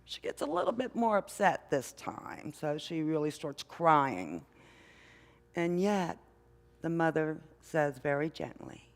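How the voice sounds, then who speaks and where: An older woman, a mother and grandmother, preaching a sermon in a church with an unhurried, conversational manner, often asking the congregation questions. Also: sits low, very animated. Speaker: minister. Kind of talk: sermon with storytelling. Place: church sanctuary. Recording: long hall reverb.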